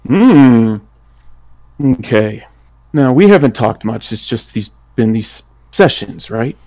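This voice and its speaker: A man playing in a tabletop role-playing game, talking in a relaxed, rambling way and laughing often. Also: medium pitch, takes it slowly. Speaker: player.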